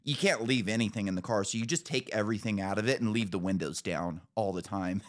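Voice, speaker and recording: A man in his thirties, a podcast host telling stories in casual chat, animated, laughing often and swearing casually. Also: lowish voice, quick pace.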